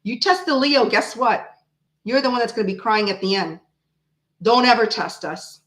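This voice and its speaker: A woman's voice: on the high side, expressive, moderate pace, a bit bright, roomy sound. Brash, chatty woman tarot reader. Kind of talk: live-stream tarot reading with chat.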